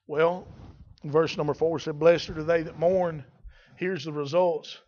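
High-voiced preacher, shouting and then hushed. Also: male voice, fairly even intonation, dull audio. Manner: swings from quiet teaching to shouted, drawn-out exclamations. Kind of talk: sermon.

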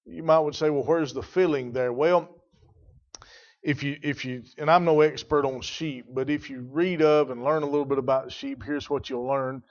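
A man preaching a sermon in a church, reading scripture and teaching in a measured way, repeating key phrases. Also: medium pitch, highs cut off.

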